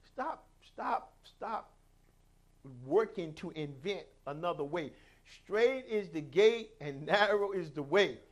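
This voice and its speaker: Man, pastor, sermon, high voice, loud shouts then hushed lines, hallelujah interjections. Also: lively intonation, measured pace. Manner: preaching with sudden loud shouts and dropped quiet lines.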